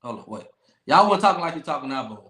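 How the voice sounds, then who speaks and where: Animated man ranting about sports. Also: a little high, quick pace, echoey room. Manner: loud, emphatic trash-talk with repeated phrases and laughs. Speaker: podcast host. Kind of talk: animated sports talk livestream.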